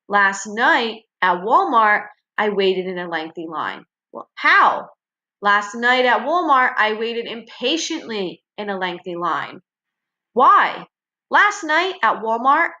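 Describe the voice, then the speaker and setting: In a recorded online class, a woman teacher walks students through their assignments step by step, checking in with frequent "okay" and "right." Her voice is a little high and sounds pushed and bright.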